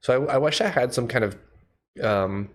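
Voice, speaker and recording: A man livestreaming as a programmer, thinking aloud in a loose, relaxed way and chatting with viewers. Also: medium pitch, normal speed. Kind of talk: casual livestream chat while coding.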